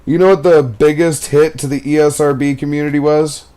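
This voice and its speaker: A young man casually chatting while playing a game, telling stories in an animated, profane way. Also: fairly high pitch, a little fast. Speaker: gaming commentator. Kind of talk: casual gaming chat.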